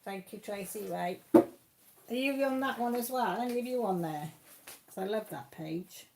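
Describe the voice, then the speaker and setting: A chatty woman talks casually through a crafting live stream at home. Her voice sits at an ordinary middle pitch as she rambles from one thing to the next and calls out to viewers by name. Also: normal speed, slight background noise.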